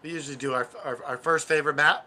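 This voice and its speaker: A man co-hosting a podcast in casual chat, rambling and halting with many fillers. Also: fairly high pitch, fairly even intonation, pushed and bright. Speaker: podcast co-host.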